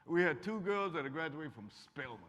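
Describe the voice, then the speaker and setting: An older man with a bright, ringing voice tells stories to students in a folksy, joking way. He sits a bit above the usual pitch for a man. The sound carries the long echo of a large hall. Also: animated, brisk, highs cut off. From Kentucky. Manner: folksy, warm humor, acts out quotes. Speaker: guest speaker. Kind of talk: lively storytelling talk to students. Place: college auditorium. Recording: echoey hall.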